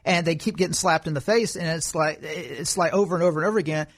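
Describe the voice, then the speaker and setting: A man with a slightly high voice speaks at a quick pace as co-host of a political commentary podcast. He lays out his views at length in an argumentative way.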